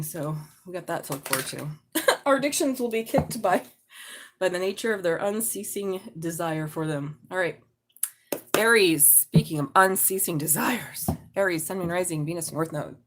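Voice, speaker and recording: Chatty, low-voiced woman reading tarot. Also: slight background noise. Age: middle-aged. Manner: chatty, swears casually, laughs often. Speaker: tarot reader. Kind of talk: live tarot reading, casual chat.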